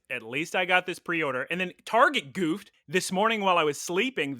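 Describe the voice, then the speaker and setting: A woman co-hosting a comedy podcast, rambling through news in casual chat. Her pitch swoops animatedly, her tone is bright and forceful, and the sound is dry and close. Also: no room sound. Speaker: podcast co-host.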